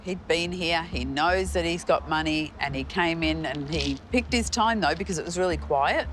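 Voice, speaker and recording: A woman psychic, describing her impressions in halting, searching speech. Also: deep voice, fairly bright tone, a little hiss or hum.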